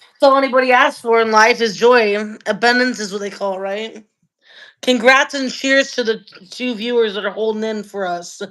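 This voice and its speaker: A woman talks loosely on a live stream from her phone, her voice sitting a bit high. She is relaxed, swears freely and lets her sentences drift off quietly. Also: normal speed, low-quality recording. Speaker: livestream co-host. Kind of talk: casual chat. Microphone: phone on a live video call.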